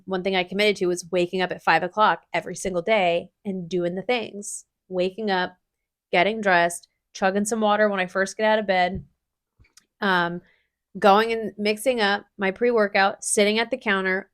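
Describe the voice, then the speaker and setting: A woman co-hosting a casual podcast, talking bluntly and animatedly and swearing casually. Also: mid-range voice. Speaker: podcast co-host.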